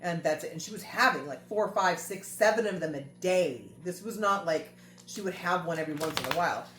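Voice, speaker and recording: A woman's voice: on the low side, a little fast, fairly bright tone, a little hiss or hum. A woman host telling a family story in a casual chat, earnest and repeating phrases for emphasis. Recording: roomy echo with faint music.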